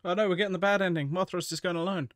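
A man giving casual, joking movie commentary, swearing freely and reacting loudly to the action. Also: sits high, racing, no echo, clean studio sound. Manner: jokey, profane, excitable.

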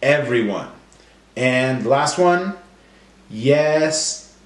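A man leading a children's phonics lesson, slowly stretching out sounds and syllables. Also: mid-range voice, lively intonation, reverberant. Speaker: teacher. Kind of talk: phonemic awareness lesson for children.

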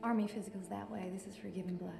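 A brisk young nurse, quick and clipped, with a dark, gravelly edge to her voice. Soft film music plays beneath. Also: mid-range voice, level tone.

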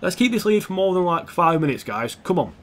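A young man commentating on his football video game, excitable and blunt, swearing freely. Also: sits high, brisk. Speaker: gaming YouTuber.

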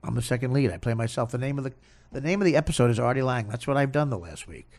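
A man's voice: medium pitch, lively intonation, very fast, darkish tone. A man on a comedy podcast, ranting in a self-mocking, exasperated way.

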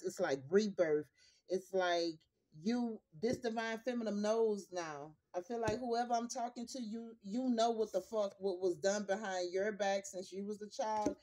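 A woman's voice: mid-range voice, mellow. A grandmother reading tarot cards casually to her viewers, in a blunt, profane and emphatic way, repeating her points. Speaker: tarot reader.

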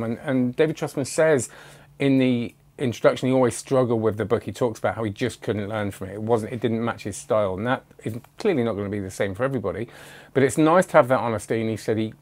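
A man reviewing a magic book in a casual, rambling way, often correcting himself and giving his own opinions. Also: mid-range voice.

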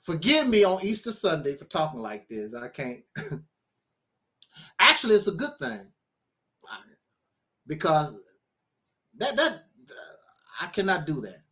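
A man's voice: fairly high pitch, wildly swooping pitch, a little slow, pauses often, bright, forceful tone. A man preaching in a livestream monologue, talking emphatically, laughing often and repeating himself. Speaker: self-styled minister.

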